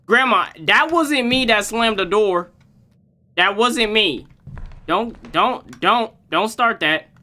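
A young man hosting a gaming channel, joking and trash-talking his way through a horror game, swinging from low mutters to loud yelps. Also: lively intonation, slow pace. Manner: joking trash talk at the game's granny. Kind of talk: horror game let's play commentary.

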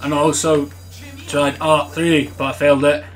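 A young man co-hosting a let's play, joking loudly and putting on an accent. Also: fairly high pitch, level tone, normal speed, soft background music. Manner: loud, rowdy joking, put-on accent. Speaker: co-host. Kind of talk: casual gaming commentary.

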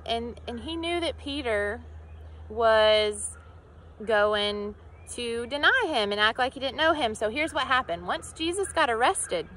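Lively, bright-voiced woman telling children a story. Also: a little high. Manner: animated storyteller, acting out voices, asking children questions. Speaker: children's church teacher.

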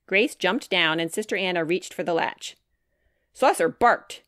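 A woman reading her own children's chapter book aloud, narrating in a clear, measured way. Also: fairly low pitch, animated, fairly bright tone, no echo, studio quality.

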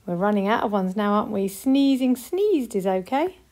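A woman with a British accent teaching a recorded spelling lesson to young children, speaking slowly and clearly with encouragement. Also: mid-range voice, very animated, a little mellow. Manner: slow, clear, encouraging, models example sentences. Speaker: primary school teacher.

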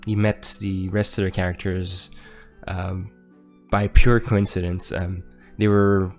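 A man playing a tabletop game, describing his character haltingly with many fillers. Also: low-pitched, level tone, darkish tone, soft background music. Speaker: player.

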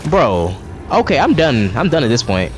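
A man's voice: medium pitch, sing-song, normal speed, soft background music. A man giving profane, exasperated running commentary while playing a video game. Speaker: gaming streamer. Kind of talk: live gameplay commentary.

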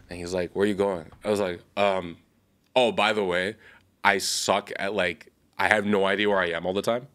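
A young man with a lowish voice tells a long story on a casual podcast. He rambles, circles back and corrects himself, and he laughs easily. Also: little pitch movement, fairly quick, a bit bright. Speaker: podcast co-host.

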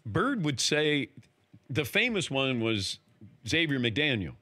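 Man, interview host, chatty, prodding questions, animated pitch. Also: slow pace. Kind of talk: casual interview chat.

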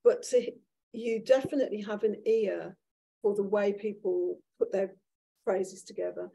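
A woman in her sixties with a Brummie accent and a gravelly, husky voice, speaking as a guest author onstage. Her tone is mellow and dark, and she tells candid, lively stories with frequent restarts. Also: mid-range voice, unhurried. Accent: Birmingham. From Birmingham, England. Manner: animated, candid storytelling with restarts. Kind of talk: conversational onstage talk. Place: event room with an audience.

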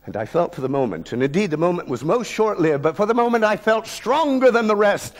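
A man in his sixties performs a story as an actor would on stage, sitting slightly high in pitch for a man. His telling is vivid and wry, with wide dramatic swings in pitch and loudness. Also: big pitch swings, fairly quick. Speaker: actor and lecturer.

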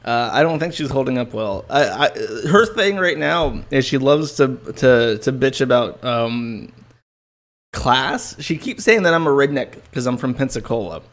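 Man, stream host, casual commentary, rambling and profane, mid-pitched voice. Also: animated, moderate pace, fairly bright tone. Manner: rambling, profane, amused, with restarts and chuckles.

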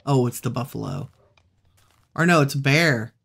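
A woman hosting a relaxed let's-play, musing aloud and chatting to the animals she meets in the game. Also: a bass voice, moderate pace, gravelly, slightly rough. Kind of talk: relaxed gameplay commentary.

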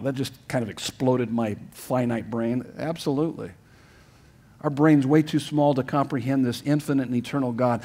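A middle-aged male pastor preaching a sermon, emphatic, going from loud urging to soft, hushed lines and often restarting his phrases. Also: medium pitch. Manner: repeats words and restarts phrases. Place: church sanctuary.

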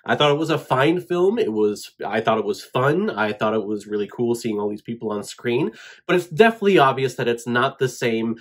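A man hosting a casual movie reaction, talking in an excitable, gushing, emotional way. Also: medium pitch, a little fast. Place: home room with shelf behind.

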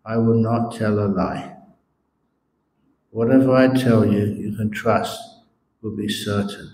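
A man voicing a calm, wise old monk who speaks slowly and in a measured way. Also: fairly low pitch, a little hiss or hum. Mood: solemn. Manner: slow, hushed, measured. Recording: echoey meditation hall.

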